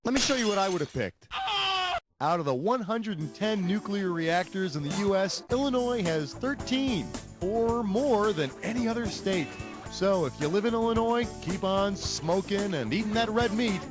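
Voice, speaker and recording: An actor playing a wisecracking, sarcastic male trivia game show host, scripted for a video game, firing off quick jokey asides. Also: sits high, animated. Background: game music.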